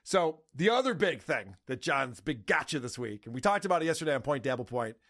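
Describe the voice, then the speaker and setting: A man's voice: medium pitch, very animated, fairly quick, creaky, fairly bright tone. A man hosting a podcast, chatting casually and mocking the people he talks about in sarcastic put-on voices. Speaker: podcast host.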